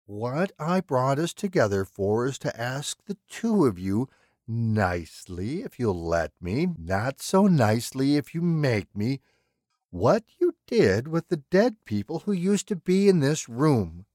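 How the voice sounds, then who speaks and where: A man voicing a calm, polite killer in an audiobook, speaking in a precise, mannered and coolly threatening way. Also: mid-range voice, a little slow, no room sound, clean studio sound, pitched above the performer's own voice. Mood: menacing. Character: calm, menacing male killer, polite and unhinged.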